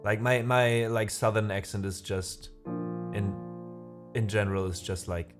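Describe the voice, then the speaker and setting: This non-native English speaker has a lowish voice with a steady tone and a measured pace. He hosts a music livestream, reading viewer comments in casual chat while he rambles and laughs at himself.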